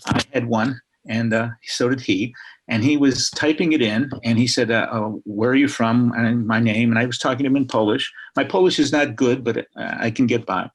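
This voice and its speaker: A man, a writer speaking as a guest, telling a lively anecdote on a video call and acting out the people in it. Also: medium pitch, fairly quick, breathy edge. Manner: lively, acts out the people in his story. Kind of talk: anecdotal storytelling.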